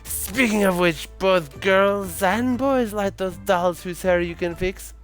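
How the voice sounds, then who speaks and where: A man's voice: high voice, takes it slowly, fairly bright tone, soft background music, voice pushed up. A man voicing a drunk, foul-mouthed old Santa in a game, with a put-on vague European accent and slurred, rambling talk. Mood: confiding. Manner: slurred, boozy rambling with sudden outbursts. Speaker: streamer voicing a game character.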